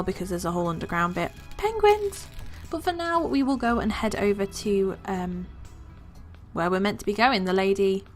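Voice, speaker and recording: A woman hosting a let's play, chatting casually and excitedly about what she sees in the game. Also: medium pitch. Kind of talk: casual gameplay commentary.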